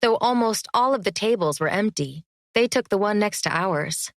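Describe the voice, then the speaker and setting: A woman narrating a first-person fantasy audiobook in an even, measured storytelling manner. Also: medium pitch, no echo, studio quality.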